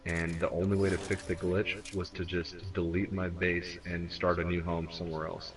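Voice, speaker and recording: A man's voice: deep voice, little pitch movement, normal speed, distant mic. A man co-hosting a casual gaming stream, rambling and swearing, often restarting his sentences. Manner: rambling, profane, frequent restarts. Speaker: stream co-host.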